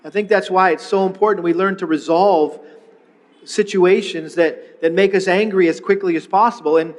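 High-voiced preacher in a reverberant hall. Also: male voice, fairly even intonation, normal speed. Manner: earnest, repeats words when starting phrases. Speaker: pastor. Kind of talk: sermon.

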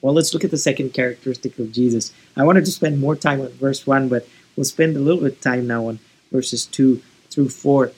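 A man's voice: mid-range voice, brisk, a little mellow, breathy edge, poor audio. A man preaching a sermon as a pastor, earnest and pleading, often restarting phrases.

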